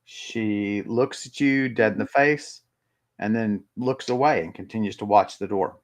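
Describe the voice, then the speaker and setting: A man narrating as game master of a tabletop role-playing game, halting with many ums and pauses. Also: lowish voice, slight background noise.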